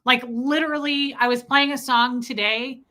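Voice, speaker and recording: A young woman co-hosting a casual livestream chat, telling stories with gushing, animated energy. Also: high voice, normal speed, poor audio. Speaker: co-host.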